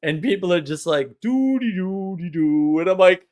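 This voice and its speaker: A man with a slightly high voice hosts a casual livestream. He rambles in an animated, exasperated way and laughs often. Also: brisk. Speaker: livestream host.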